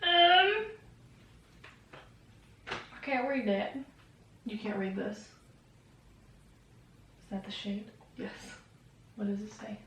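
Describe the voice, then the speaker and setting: A woman's voice: medium pitch, big pitch swings, takes it slowly, pauses often, a bit bright, slight background noise. A young woman vlogger chatting casually about a book, rambling and swearing with lots of fillers. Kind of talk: casual chat. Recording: very echoey room, distant mic.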